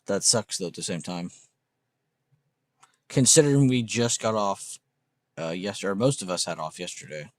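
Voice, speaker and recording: A man's voice: lowish voice, moderate pace, pauses often, no echo. A man hosting a casual livestream, chatting loosely with viewers and joking around, swearing now and then. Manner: loose, joking, swears casually, laughs at his own jokes. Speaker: livestream host. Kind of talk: casual livestream chat reading viewer comments.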